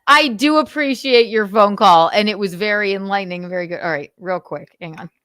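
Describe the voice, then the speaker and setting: A woman's voice: medium pitch, fairly quick, fairly bright tone, smooth, no room sound, clean studio sound. A woman co-hosting a call-in podcast, chatting casually and playfully, with frequent giggles. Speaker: podcast co-host. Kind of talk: casual chat.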